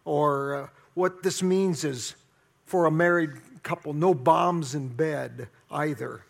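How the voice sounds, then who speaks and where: A man's voice: fairly high pitch, slow, creaky. A man preaching a sermon in an earnest, emphatic teaching manner. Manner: earnest, emphatic teaching with rising force on key words.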